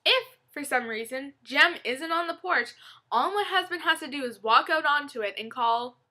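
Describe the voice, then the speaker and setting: Woman reading a funny blog post out loud, bright sharp voice, kinda high. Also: normal speed. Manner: playful, loosely acted reading. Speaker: reader.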